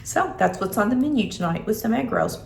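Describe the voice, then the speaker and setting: Speaking a little fast with vocal fry and lively intonation in a mid-range voice, a middle-aged woman makes a casual kitchen vlog. She's chatty and homey and snacks as she goes, and the echoey indoor recording is very noisy.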